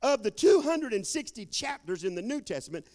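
A man preaching a sermon in a folksy storytelling way, joking with the congregation and dropping into quiet asides. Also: very high-pitched, big pitch swings, fairly quick. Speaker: guest preacher.

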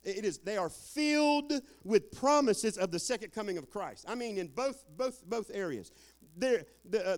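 Guy preaching, tells funny stories, high voice that jumps all over, gets quiet then loud. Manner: folksy, joking, drops into quiet asides, swells on emphasis. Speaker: guest preacher. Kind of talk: sermon with folksy storytelling.

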